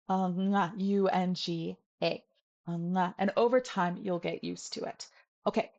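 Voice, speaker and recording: A woman's voice: medium pitch, darkish tone, lo-fi sound. Woman, online language teacher, playful and patient, medium voice, drills sounds over and over. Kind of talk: upbeat video lesson.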